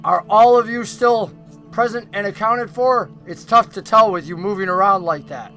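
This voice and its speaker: A man voicing a huge male werewolf who speaks loudly in a guttural, growling voice. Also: high voice, normal speed, soft background music, pitched above the performer's own voice. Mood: gruff, calling out. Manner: loud, calls out to the group.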